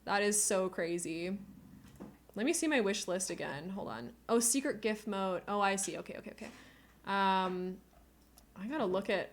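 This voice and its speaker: A woman's voice: medium pitch, fairly bright tone. A woman streamer chatting casually to her viewers, gushing and emotional, near tears, laughing often, on a cheap desk microphone at home. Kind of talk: casual live-stream chat.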